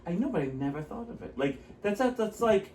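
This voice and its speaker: A man's voice: high voice, a little fast. A man co-hosting a podcast, chatting casually and telling rambling stories with lots of laughter. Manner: rambling, animated storytelling with frequent laughter. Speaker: podcast co-host. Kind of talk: casual chat. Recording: roomy, slightly distant with faint noise.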